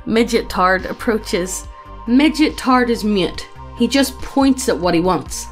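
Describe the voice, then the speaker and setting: A woman's voice: fairly high pitch, animated, slow, soft background music. A woman channel host casually reading a funny story aloud, swearing freely and breaking into laughter.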